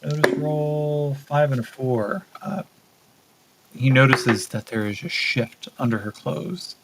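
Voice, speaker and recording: A man narrating a solo tabletop role-playing game as game master, thinking aloud with relaxed fillers. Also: mid-range voice, slow, noisy background.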